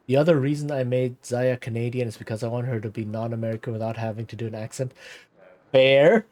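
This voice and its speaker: A man's voice: mid-range voice, a little mellow. A man streaming a game, chatting casually with many fillers and hedges. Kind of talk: casual gameplay commentary.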